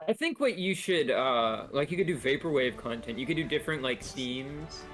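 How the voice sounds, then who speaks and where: A man chatting casually on a game stream, telling stories lively and mimicking people as he goes. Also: mid-range voice, moderate pace, faint music behind. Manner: animated storyteller who mimics people. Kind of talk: casual storytelling chat.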